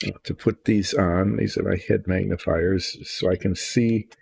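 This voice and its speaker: Husky, gravelly man, casual hobby-painting host, self-mocking and indecisive. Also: low-pitched, fairly even intonation, normal speed, darkish tone. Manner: rambling, self-deprecating, indecisive. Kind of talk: relaxed hobby chat while painting.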